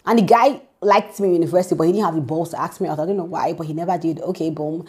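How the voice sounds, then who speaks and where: A woman's voice: on the low side, very fast, darkish tone. A young woman with a Nigerian accent, hosting a reaction commentary and giving emphatic, preachy sisterly advice. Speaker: host.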